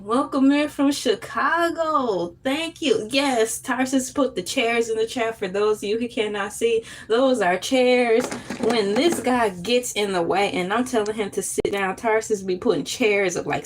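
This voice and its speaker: A woman hosting a casual morning livestream chat, playful and animated, often jumping into high squeals. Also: unhurried, a little hiss or hum. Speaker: livestream host.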